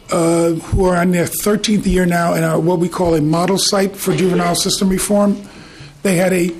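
Middle-aged man, high voice, measured and courteous presenter, table mic, faint hum. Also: a little mellow. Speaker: invited presenter, program team leader. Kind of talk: formal testimony. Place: legislative committee hearing room.

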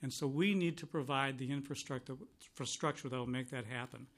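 A man's voice: mid-range voice, fairly quick. A middle-aged man, a county commissioner, giving formal testimony to a legislative committee in an earnest, emphatic way, repeating words for stress. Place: legislative hearing room.

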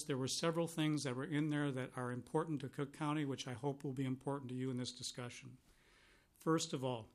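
A middle-aged man, a county commissioner, giving formal testimony to a legislative committee in an earnest, emphatic way, repeating words for stress. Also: mid-range voice. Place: legislative hearing room.

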